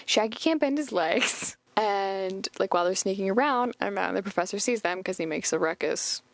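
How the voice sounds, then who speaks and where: A woman's voice: medium pitch, animated, normal speed, creaky, no echo. A young woman hosting a podcast, recapping a cartoon episode in a rambling, chatty way full of fillers. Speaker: podcast host.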